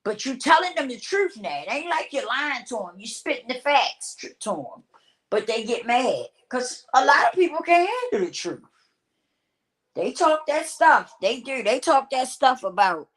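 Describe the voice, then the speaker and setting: A woman's voice: high voice, sing-song, normal speed. A woman vlogger in a blunt, repetitive talking-to-camera rant who swears casually and laughs often.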